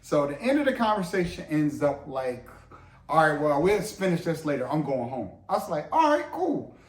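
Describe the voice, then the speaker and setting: Animated storytelling man, echoey room. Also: fairly high pitch, moderate pace. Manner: animated storyteller acting out quotes, profane. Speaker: co-host, husband. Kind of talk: casual couple storytelling.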